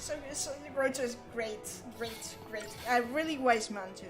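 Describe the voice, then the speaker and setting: A woman with a Spanish accent talks loosely on a game stream. Her voice sits high, and she keeps pausing, adding fillers and restarting her sentences. Clear music plays behind her. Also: low-quality recording. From Spain. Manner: hesitant, many fillers and restarts. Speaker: stream co-host. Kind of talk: casual chat on a game stream.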